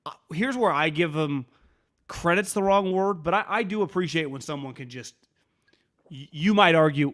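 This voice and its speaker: A man co-hosting a sports podcast, talking fast and animated with many restarts and quoted asides. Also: fairly high pitch. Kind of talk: casual sports talk.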